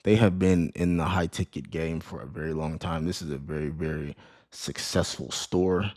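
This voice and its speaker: A man with a deep, low-pitched voice walks through an online store on his screen. He teaches casually, like he is talking to a friend. He keeps checking in with the listener and often cuts off and restarts his words. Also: steady tone, moderate pace, darkish tone. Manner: conversational, repeats "right?" and "you know what I mean?", restarts words. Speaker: online business course creator. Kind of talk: casual screen-share lesson.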